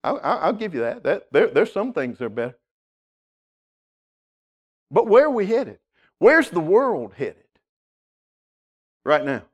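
A man preaching a sermon, emphatic, swinging from loud declarations to hushed appeals and often repeating words as he starts a phrase. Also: sits high, sing-song, unhurried, pauses often, husky, highs cut off. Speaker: pastor.

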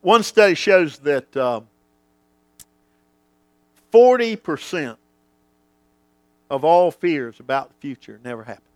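Male pastor, slow deliberate sermon delivery, big dynamic swings, dry close mic. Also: big pitch swings, no room sound. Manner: dramatic swings from booming to hushed, acts out quoted voices.

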